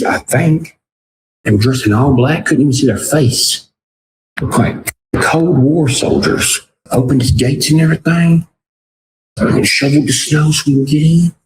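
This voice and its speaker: A man, a podcast guest telling casual stories and acting out what people said. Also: mid-range voice. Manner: animated, acts out other people's lines in quotes. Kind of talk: casual storytelling. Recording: roomy with clear background noise.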